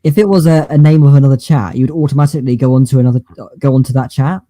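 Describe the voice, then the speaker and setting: A man co-hosting a podcast, telling stories in a halting, rambling way with many fillers and restarts. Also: medium pitch, warm tone, dry recording. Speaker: podcast co-host. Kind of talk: casual chat.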